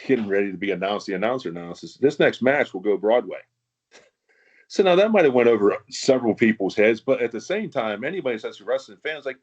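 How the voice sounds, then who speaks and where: A man's voice: deep voice, muffled recording. A man, a former wrestler, telling stories in a casual podcast chat, laughing often and swearing freely.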